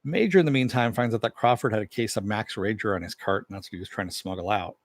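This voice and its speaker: A man's voice: fairly low pitch, fast, dry recording. A man giving a casual spoken recap and review of a TV episode, in a loose, conversational way, with frequent filler phrases and offhand swearing.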